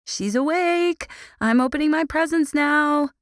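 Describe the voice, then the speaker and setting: A woman voicing an excitable, romantic teenage girl who gushes loudly and squeals with delight. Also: sits high, measured pace, no echo, clean studio sound, pitched above the performer's own voice. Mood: squealing. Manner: squealing, gushing and loud.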